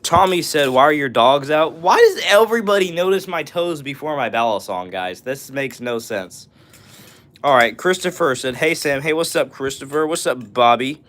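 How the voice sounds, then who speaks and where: A man's voice: a little high, lively intonation, normal speed, fairly bright tone. Upbeat young man chatting on a live stream. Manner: friendly, upbeat, says "bro" and "all right" a lot. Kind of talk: casual live stream chat reading comments.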